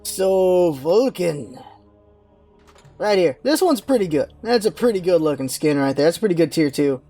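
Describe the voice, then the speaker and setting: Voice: medium pitch, expressive, normal speed, warm tone, faint music behind. A gaming channel host giving rambling, offhand casual commentary while browsing game menus.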